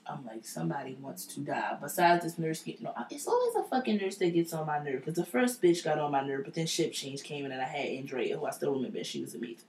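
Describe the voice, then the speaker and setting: A woman's voice: deep voice, very animated, quick pace, few pauses, darkish tone, slight background noise. Blunt, profane woman in an echoey room. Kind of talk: casual storytelling. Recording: roomy echo.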